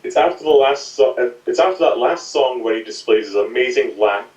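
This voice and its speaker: A man's voice: mid-range voice, expressive, a little fast, darkish tone, highs cut off. A man co-hosting a comedy podcast, rambling through a silly made-up story and giggling often. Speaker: podcast co-host. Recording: roomy, distant home mic.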